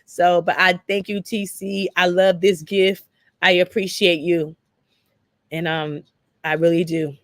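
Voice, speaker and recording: A woman's voice: lowish voice, flat delivery, measured pace, no echo. A woman talking emotionally on her own live stream, her words tumbling out with stammers and repeats. She sounds as if she has just been crying. The sound is dry and close.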